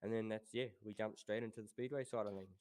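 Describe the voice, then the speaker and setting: Laid-back New Zealand man, smooth voice. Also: on the low side, quick pace. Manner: relaxed, laid-back, says "obviously" and "um" often. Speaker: guest racing driver. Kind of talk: casual interview chat.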